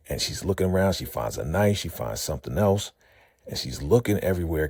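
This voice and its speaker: A man's voice: extremely low pitch, creaky, a little mellow, slightly rough, no echo, studio quality. A man hosting a casual vlog recap of a TV episode, chatty and calling his viewers fam.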